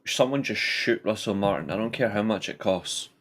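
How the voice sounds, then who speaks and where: A man's voice: fairly low pitch, lively intonation, normal speed, fairly bright tone, slight background noise. A man talks football on a podcast. He is blunt and heated, pushing his opinions hard in casual chat. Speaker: podcast co-host.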